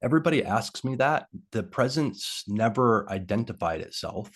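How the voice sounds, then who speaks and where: A man talking as a guest in a video-call interview, telling a personal story in a halting way with lots of pauses and fillers. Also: mid-range voice, animated.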